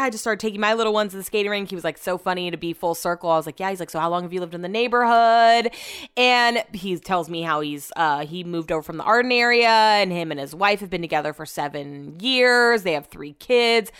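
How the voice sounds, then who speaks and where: Chatty thirties woman, smooth clear voice, casual storyteller who swears and says "like" a lot. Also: lowish voice, a bit bright. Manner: chatty, heavy use of "like", swears freely.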